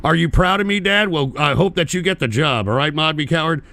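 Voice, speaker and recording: On his live political talk stream, a man delivers blunt, profane, animated rants and reads viewer donations aloud. He speaks briskly in a slightly high voice, captured in a dry recording.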